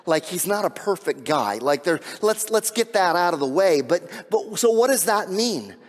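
High-voiced preacher in a reverberant hall. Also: male voice, big pitch swings, normal speed. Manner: emphatic preaching that swings from hushed to shouting. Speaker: pastor. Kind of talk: sermon.

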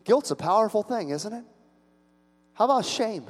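A pastor preaching a sermon, telling the story dramatically and swinging between loud and hushed. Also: male voice, high-pitched, lively intonation, moderate pace, pauses often, in a large hall.

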